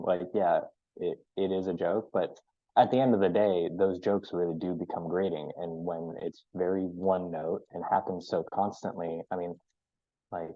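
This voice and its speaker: A young man in an interview, reflecting on his school years in a halting, filler-heavy way. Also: sits low, dry recording. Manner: halting, many fillers and restarts. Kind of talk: reflective casual talk. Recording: dull dry lo-fi audio.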